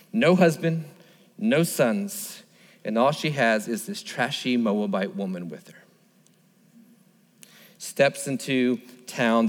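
Male pastor delivering an emphatic, questioning sermon at a medium pitch, with reverb from a large hall. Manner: emphatic, repetitive, asks the listeners rhetorical questions.

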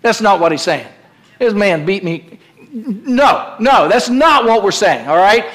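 This middle-aged man is a pastor preaching in church, forceful and direct, with call-and-response moments where he has the congregation say phrases back to him. His voice sits high and sounds animated and fairly bright, moving a little slowly.

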